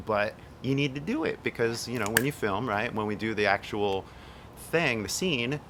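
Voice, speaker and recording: A man's voice: on the low side, normal speed, noisy background. A young man coaching an actress on her accent, talking loosely with lots of "like" and "right?" and the odd swear word. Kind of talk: casual one-on-one coaching.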